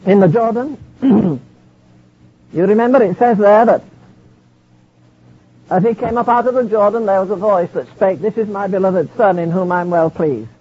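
A man's voice: high-pitched, moderate pace, pauses often, breathy edge. A man preaching a sermon, reading scripture in old King James wording. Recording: dull lo-fi archive sermon recording.

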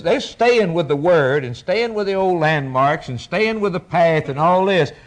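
An older man preaching a sermon, pleading and impassioned, his voice rising to high cries and then dropping low.

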